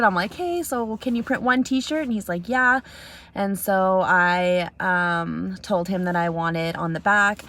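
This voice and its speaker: A young woman from Canada telling a story in a casual vlog, earnest, with many ums, acting out both sides of a conversation. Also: lowish voice. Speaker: vlogger. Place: outdoors in snow.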